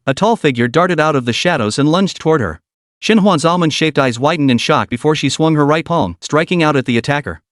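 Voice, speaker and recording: A man narrating a comic story recap in a dramatic, even read. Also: fairly high pitch, no room sound, clean studio sound.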